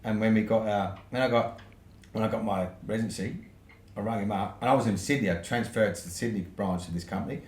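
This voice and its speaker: British bloke, podcast guest spinning a casual yarn, swears a lot, lowish voice, echoey room. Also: male voice, fast, a little mellow. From United Kingdom. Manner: swears freely, ends points with "right?". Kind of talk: casual storytelling. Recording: roomy echo with faint noise.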